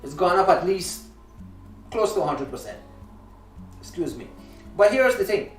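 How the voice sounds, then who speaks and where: Indignant talk show host, echoey room. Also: male voice, high voice, very animated, moderate pace, distant mic, soft background music. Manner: emphatic, indignant, with restarts. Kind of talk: impassioned monologue.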